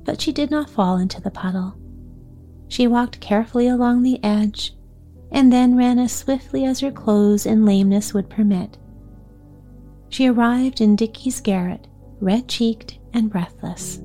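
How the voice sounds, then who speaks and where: Gentle woman narrator for a bedtime story, mellow voice, soft music bed. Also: medium pitch, steady tone, moderate pace.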